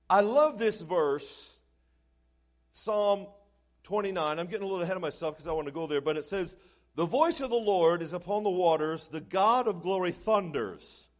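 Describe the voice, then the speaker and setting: A man preaching a sermon as pastor, swinging between quiet, low passages and loud, shouted lines.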